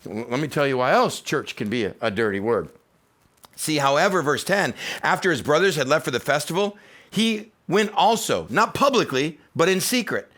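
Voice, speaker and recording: A man's voice: a little high, animated, moderate pace, fairly bright tone. A man, a teaching pastor, giving a sermon in a conversational, humorous preaching style. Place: church.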